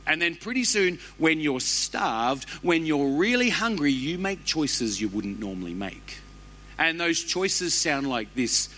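A man, preaching a sermon as a pastor with animated, humorous storytelling. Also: on the high side, unhurried.

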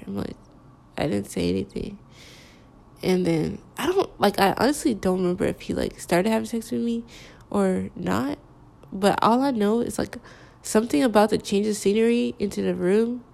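Young woman, candid storytime talk with creaky fry. Halting delivery, lots of fillers. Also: medium pitch, a little mellow. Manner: halting, hesitant, full of "like" fillers.

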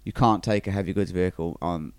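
Low-pitched guy, casual chat, dry close sound. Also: fast, a little mellow, smooth, no room sound. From England. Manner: chatty, repeats words when restarting.

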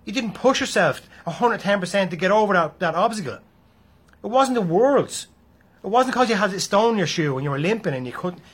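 Blunt husky Irish man. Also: high-pitched, animated, fast. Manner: blunt, profane, hectoring. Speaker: motivational speaker. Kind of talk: motivational monologue.

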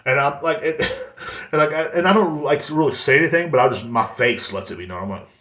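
A man's voice: medium pitch, a little fast, fairly bright tone. A man in his thirties hosting a podcast, rambling in casual chat and swearing a lot. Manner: rambling and heavily profane. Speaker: podcast host. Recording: roomy echo.

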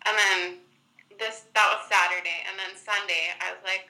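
A woman's voice: mid-range voice, steady tone, moderate pace, bright, forceful tone, poor audio. A young woman telling a personal story in a chatty way, full of filler words, acting out what people said. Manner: chatty, many "like" fillers, acts out quotes. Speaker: guest.

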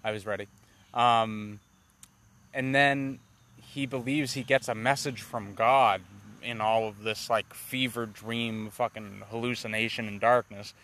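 A man's voice: on the low side, fairly even intonation, measured pace, a bit bright. Profane, rambling man in casual chat. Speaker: podcast co-host. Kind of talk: casual movie review chat.

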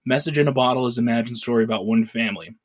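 A man's voice: mid-range voice, very fast, husky. Playful man co-hosting a podcast. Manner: laughs often, playful. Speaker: podcast co-host. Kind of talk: casual chat.

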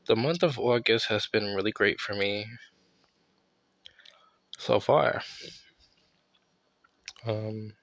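Raspy, tired-sounding man, slow and laid-back. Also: fairly low pitch, fairly bright tone, no room sound. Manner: laid-back, rambling, self-correcting. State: tired, not feeling well. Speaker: podcast host. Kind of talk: casual solo podcast monologue.

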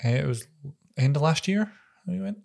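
A man's voice: a little high, animated, normal speed, creaky, a little mellow. A young man co-hosting a podcast, chatting casually and telling stories with a lot of laughter. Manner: chatty storyteller, laughs often. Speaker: podcast co-host. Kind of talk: casual chat.

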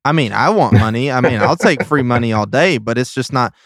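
A man's voice: mid-range voice, animated, brisk, dry recording, studio quality. A man co-hosting a casual political podcast, frustrated and worked up, swearing as he vents. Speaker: podcast co-host. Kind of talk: heated casual political chat.

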